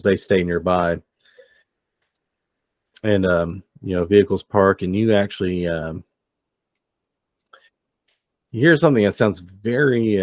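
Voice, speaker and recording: A man's voice: low voice, no room sound. A man narrating as game master of a tabletop game, hesitant and full of fillers.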